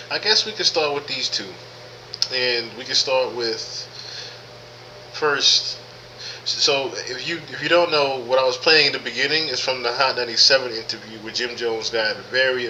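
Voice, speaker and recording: A man hosts a live podcast stream, chatting casually, swearing a lot, repeating himself, and greeting chat viewers by name. His medium-pitched voice is bright and forceful. The recording is low quality, with a little hiss or hum.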